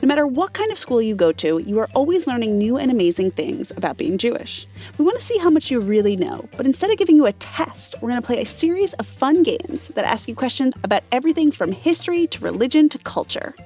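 Brisk, exasperated woman hosting a show. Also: high voice, very animated, dark tone, soft background music. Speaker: game show host. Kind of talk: scripted kids' podcast hosting.

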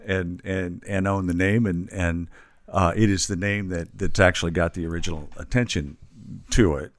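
A man's voice: deep voice, steady tone, no room sound. A man, a lawyer, as a guest in a casual interview, talking in a blunt, plainspoken way. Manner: blunt, plainspoken, quick to agree.

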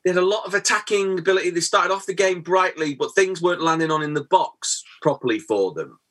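A man hosting a football podcast, chatting casually and analysing a match in quick, lively talk. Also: high-pitched. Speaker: podcast host.

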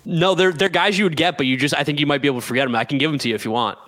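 A man's voice: fairly high pitch, rapid-fire, a bit bright, dry recording. A man co-hosting a podcast in casual sports chat, upbeat and stat-minded. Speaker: podcast co-host.

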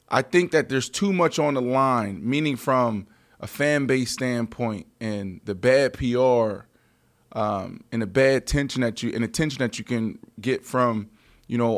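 A man hosting a casual sports podcast, talking in an animated, emphatic way and often restarting his sentences. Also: medium pitch. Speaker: podcast host.

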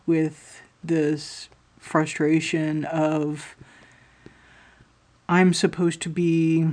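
A woman's voice: low voice, level tone, extremely slow, a little mellow. A woman talking to her audience in a rambling, candid personal monologue, swearing often as she tells stories about her life. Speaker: podcast host.

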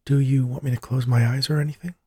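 A man's voice: medium pitch, fairly even intonation, fast talker, mellow, breathy edge, dry recording, pitched above the performer's own voice, close to an everyday voice. A man voicing an anxious, polite older widow, raising his voice to play her. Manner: fretful, polite.

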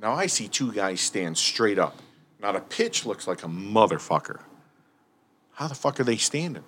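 A man's voice: lowish voice, normal speed, slightly rough. A man telling firefighting stories in casual, profane chat, acting out what people said. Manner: animated, profane, acts out quotes.

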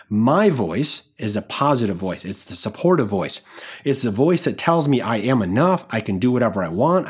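A male podcast host delivers a motivational self-help monologue, his pitch swinging widely as he goes. His voice has a slightly husky, breathy edge, and he speaks in an earnest, encouraging tone straight to the listener.

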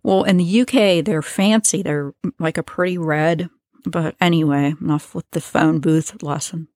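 American woman, low voice, casual podcast storyteller, chatty asides, dry close mic. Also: steady tone, a little slow, darkish tone, no echo. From United States. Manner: chatty, conversational, with asides and filler words. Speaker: true crime podcast host.

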